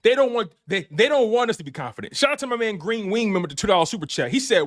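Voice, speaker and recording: A man hosting a sports show in a live post-game rant, excited and laughing, repeating phrases and using slang, with a Philadelphia accent. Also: sits high, racing.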